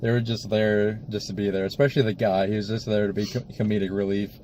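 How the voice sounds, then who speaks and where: Low-voiced man critiquing a movie. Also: fast, slight background noise. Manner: critical, steady, many "like" fillers. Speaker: film review co-host. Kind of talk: casual film review chat.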